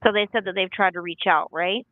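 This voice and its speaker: A woman's voice: mid-range voice, fairly even intonation, a little fast, no room sound. A woman joins a livestream by call, defensive and repeating herself to make her point. Her voice comes through thin and tinny, like a phone line, and sounds dry. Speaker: caller on a livestream. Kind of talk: casual livestream chat.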